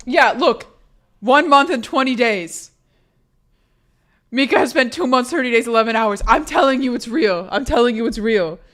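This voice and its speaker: Woman, live streamer, casual rambling chat, joking, swears a lot, slightly high pitch. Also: expressive, moderate pace, fairly bright tone.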